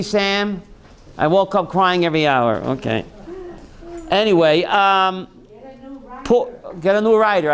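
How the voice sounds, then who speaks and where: A man teaching a Torah class as a rabbi, mixing jokes with questions to his students. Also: high-pitched. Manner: joking, calls on students by name, asks the class questions.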